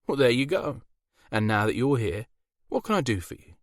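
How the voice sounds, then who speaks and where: A man's voice: mid-range voice, very animated, normal speed, no room sound, studio quality, voice pushed up, lightly acted. A man voicing a smug demon father. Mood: teasing. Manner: teasing, indulgent, sly. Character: smug charming male incubus demon father.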